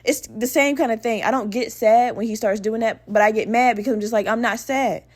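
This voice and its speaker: A young woman talks straight to her listeners as a podcast host, spinning a personal story in a loose, unfiltered way. She swears freely and keeps the telling candid and animated. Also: fairly high pitch, brisk. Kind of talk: casual storytelling monologue.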